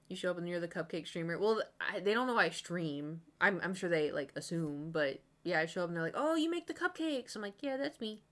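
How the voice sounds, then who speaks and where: A woman's voice: lowish voice, fairly bright tone. Chatty young woman streamer telling stories. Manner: chatty storytelling, acts out quoted voices, swears and laughs. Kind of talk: casual chat on a live stream.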